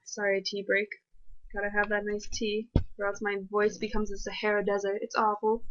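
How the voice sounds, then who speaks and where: A woman giving casual, fast and excitable commentary over her own gameplay. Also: mid-range voice, lo-fi sound.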